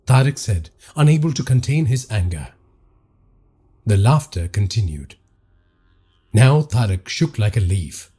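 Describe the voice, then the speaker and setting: A man narrating a horror story in a dramatic, expressive reading. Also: fairly low pitch, measured pace, long pauses, husky.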